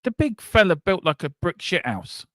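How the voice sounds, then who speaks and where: A man co-hosting a football watchalong, calling the play excitedly, joking and swearing at big moments. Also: high voice, normal speed, no echo, clean studio sound. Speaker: watchalong co-host. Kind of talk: excitable live match commentary.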